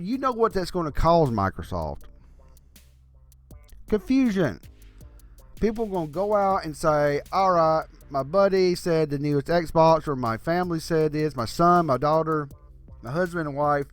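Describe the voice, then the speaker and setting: A man's voice: a little high, animated, moderate pace, soft background music. Blunt, tired older man ranting. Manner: blunt, profane, exasperated ranting. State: tired, yawning. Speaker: gaming channel host. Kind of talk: casual opinion rant.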